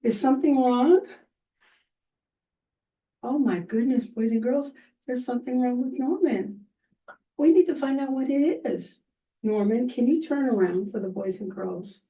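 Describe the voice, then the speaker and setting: A woman hosts a children's program, speaking to the young viewers in a high voice and at an unhurried pace. She is animated and exclaims often, and her voice sits a little back from the microphone. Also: far from the mic, low-quality recording. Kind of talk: children's show presenting.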